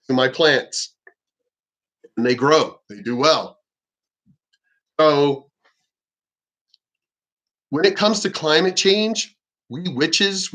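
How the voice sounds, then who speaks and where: A man's voice: a little high, fairly bright tone. A man talking casually in a rambling monologue, emphatic and often swearing. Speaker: vlogger.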